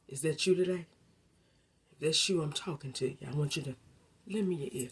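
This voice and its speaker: A woman delivers a faith-based motivational talk in a low, slightly husky voice. She speaks straight to the listener in a colloquial, preacherly way. She drops to a near hush, then builds to emphatic peaks. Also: brisk, pauses often. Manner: preacherly, swinging from hushed to emphatic; colloquial, direct address to listener.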